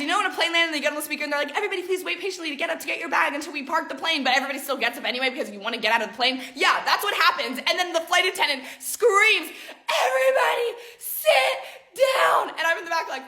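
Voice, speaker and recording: Young woman, high bright voice, rapid storytime delivery that acts out every character. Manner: animated, dramatic retelling, acts out other people's lines. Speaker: vlogger. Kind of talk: casual storytime vlog.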